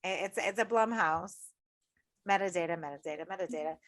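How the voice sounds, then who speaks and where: A woman's voice: fairly low pitch, brisk. A woman from upstate New York co-hosting a casual horror podcast, loose and joking with blunt swearing. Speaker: podcast co-host.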